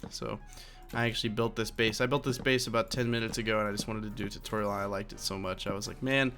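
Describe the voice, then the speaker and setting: A man's voice: lowish voice, level tone, quick pace, fairly bright tone, faint music behind. A young man narrating a game building tutorial in a rambling, chatty way, with lots of fillers and self-corrections. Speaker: Minecraft tutorial creator. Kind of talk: casual game tutorial voice-over.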